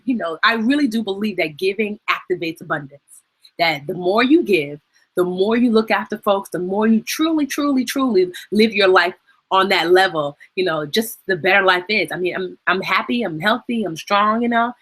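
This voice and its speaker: A chatty, emotional woman in her thirties hosts a casual live-stream Q&A. Her voice is bright and a bit husky, and she talks openly, laughing at herself and getting teary as she goes. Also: mid-range voice, normal speed. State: tearful, crying at times. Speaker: personal finance educator and host.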